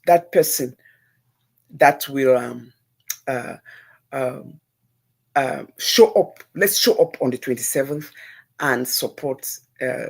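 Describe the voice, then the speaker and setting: A middle-aged Nigerian woman hosting a live-stream call-in show, talking earnestly and pleadingly, repeating herself and slipping into pidgin. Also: rumbling low. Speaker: livestream host.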